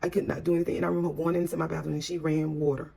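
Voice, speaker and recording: A middle-aged woman recounts a personal story straight to her viewers, calling them y'all. Her voice sits a little low and comes out gravelly and very husky. She circles back over the same phrases as she talks. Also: level tone, very fast, warm tone. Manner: emotional, repetitive retelling, addresses viewers as y'all.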